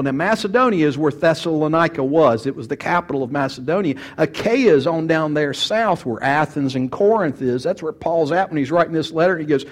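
A man's voice: fairly high pitch, animated, a little fast, hardly any pauses. A man preaching a sermon, a folksy storyteller who often restarts his sentences. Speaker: pastor.

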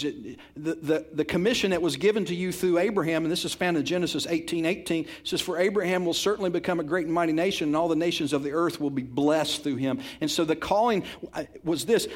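A man preaching a sermon, moving from quiet, intimate passages to loud, emphatic ones, repeating words for stress. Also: fairly high pitch, brisk. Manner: repeats and restarts words when stressing a point. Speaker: pastor.

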